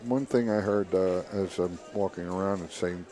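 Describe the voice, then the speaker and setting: A man and pool player sitting in as guest commentator, casual and quick to laugh. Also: low voice, warm tone. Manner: casual, laughs easily, short reactions. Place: commentary booth at a billiards hall.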